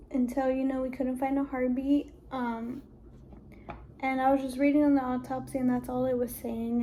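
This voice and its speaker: A young woman vlogger telling a personal story to the camera in a halting, emotional way, filling her speech with "like". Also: sits high, mellow, slight background noise. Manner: heavy use of "like", halting and emotional.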